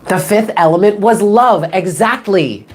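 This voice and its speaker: A woman's voice: medium pitch, lively intonation, a little slow, a little hiss or hum. A woman in her thirties, a tarot reader, rambling casually on a live stream, swearing freely and answering chat comments. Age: 30s.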